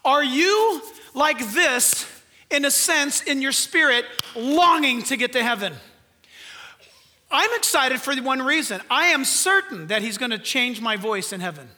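An older man preaching a sermon in a high, nasal voice, earnest and emphatic, with rhetorical questions and touches of humor. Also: lively intonation, unhurried, sharp tone, slight background noise. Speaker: pastor.

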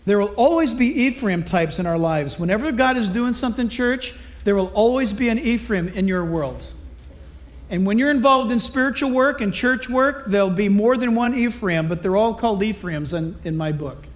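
A man preaching a sermon, animated and dramatic as he retells a Bible story and acts out its characters. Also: high-pitched, normal speed. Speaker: pastor.

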